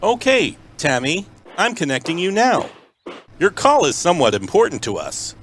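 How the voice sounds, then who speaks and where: A man making a prank phone call in a deadpan mock automated phone-menu voice. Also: fairly high pitch, normal speed, slight background noise. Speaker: prank caller.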